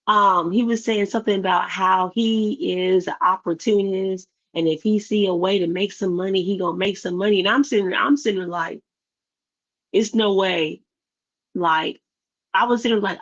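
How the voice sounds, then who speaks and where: A woman's voice: medium pitch, fairly even intonation, moderate pace. A woman giving a blunt, exasperated casual commentary rant about videos. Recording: slightly dull lo-fi audio.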